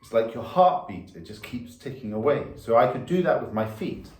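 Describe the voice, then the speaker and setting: A man's voice: medium pitch, lively intonation, normal speed, noisy background. A man giving a violin lesson, patiently explaining rhythm and counting the beats aloud. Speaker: violin teacher. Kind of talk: music lesson. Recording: echoey room.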